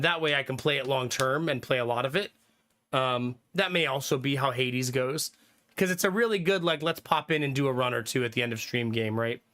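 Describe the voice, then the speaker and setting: A man's voice: on the high side, a bit bright. A young man streaming live, rambling casually to his chat about which games he plans to play, with lots of fillers. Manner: rambling, thinking aloud, frequent fillers and laughs.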